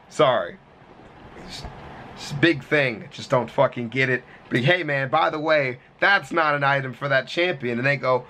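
A man's voice: mid-range voice, normal speed, bright, forceful tone. A man hosting a reaction video, talking in a profane, joking way from a hot room at home. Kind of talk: casual commentary.

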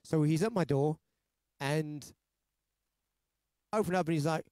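A male singer-songwriter from London speaks a little slowly in a fairly high, dark-toned voice with a London English accent. He's hosting a casual livestream, chatting and telling stories in a rambling, jokey manner with many restarts. The studio sound is clean and dry.

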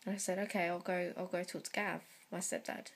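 A young woman talking to camera in a personal vlog, close to tears, halting and full of fillers and sighs. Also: lowish voice, flat delivery, slightly rough. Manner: slow, hesitant delivery. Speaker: vlogger.

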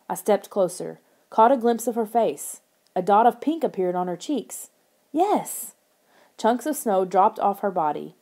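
A woman reads a spooky children's book aloud, steady and expressive. Her voice is mellow and warm, pitched in a middle range for a woman. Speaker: audiobook narrator. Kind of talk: scripted first-person narration of a children's horror book.

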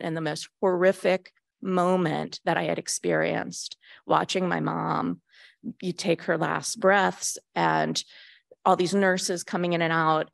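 A woman's voice: lowish voice, gravelly, dry recording. A middle-aged woman giving a candid, reflective personal talk to a community gathering. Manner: candid, reflective storytelling with quoted asides. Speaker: speaker at a secular community gathering.

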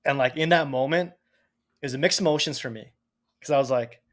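A man in his thirties from Canada, a podcast guest telling stories in casual chat, animated and cursing freely. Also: mid-range voice, fairly quick. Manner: animated, swears casually, acts out quotes. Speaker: podcast guest, Olympic speed skater. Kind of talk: casual storytelling.

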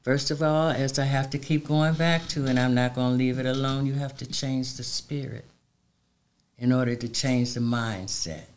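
A woman's voice: rumbling low, fairly even intonation, normal speed, darkish tone, a little hiss or hum. A middle-aged woman speaking as an interview guest, emphatic and heartfelt with a preacherly cadence. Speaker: community advocate guest. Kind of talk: interview conversation.

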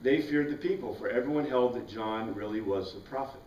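A man's voice: medium pitch, brisk, a little mellow, slight background noise. A man teaching a Bible class, questioning his students and answering his own questions. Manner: asks the class questions and answers them himself. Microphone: far from the mic. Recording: roomy, distant, dull classroom recording.

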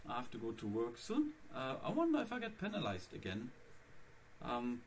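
A man's mid-range voice swoops wildly in pitch at a moderate pace, with a little hiss or hum behind it. He's a Linux vlogger rambling chattily about his computer setup in a casual screencast, talking straight to viewers.

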